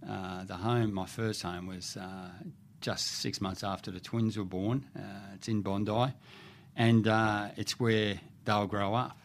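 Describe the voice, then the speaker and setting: A middle-aged man with a low voice tells stories as a podcast guest. He talks in a lively, chatty way and often restarts his sentences. It sounds like a radio studio conversation. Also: measured pace, creaky. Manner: animated storyteller with frequent restarts. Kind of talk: casual storytelling in conversation.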